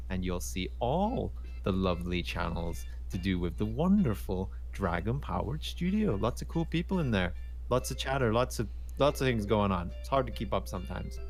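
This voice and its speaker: A man co-hosting a gaming podcast, reading contact details with light jokes. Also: mid-range voice. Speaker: podcast co-host. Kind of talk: casual podcast chat.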